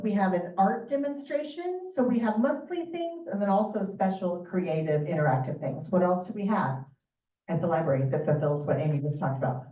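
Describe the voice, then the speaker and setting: A woman's voice: medium pitch, warm tone. A woman presenting library programs to a community audience, upbeat and asking the room questions. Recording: echoey room from far off, dull.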